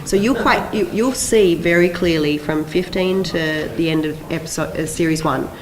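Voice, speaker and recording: Low-voiced Australian woman telling stories. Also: normal speed, noisy background. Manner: animated, laughing storyteller who acts out quoted voices. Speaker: panel guest. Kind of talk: convention panel storytelling.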